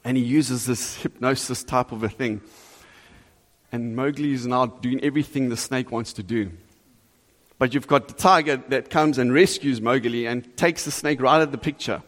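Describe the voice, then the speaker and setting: A man preaching a sermon to a congregation, earnest and animated, asking the listeners direct questions. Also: medium pitch, moderate pace. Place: church hall before a congregation. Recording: long reverb of a large hall.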